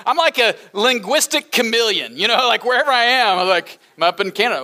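A male pastor in middle age delivering a sermon with a high, bright voice. He moves between earnest teaching and playful, joking asides. His tone stays lively and engaging throughout. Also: a little fast, few pauses. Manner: animated, humorous asides with laughter.

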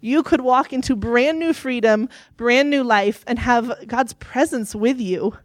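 A woman's voice: on the high side, measured pace, no room sound. A young adult woman giving an earnest sermon, telling a personal story to her listeners. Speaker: youth speaker.

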